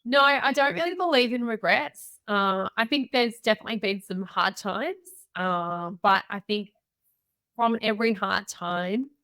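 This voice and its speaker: A middle-aged Australian woman with a bright, forward voice tells candid stories on a podcast interview, acting out what others said to her. The sound is dry and close, with no room around it. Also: mid-range voice, moderate pace, no echo. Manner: candid, animated storyteller acting out quoted voices. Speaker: guest entrepreneur.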